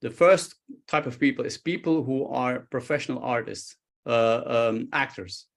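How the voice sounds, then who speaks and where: Man, talk show guest expert, mid pitch, animated, acts out quotes, restarts sentences. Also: moderate pace, creaky. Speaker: body language expert guest. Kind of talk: talk show interview, explaining with stories.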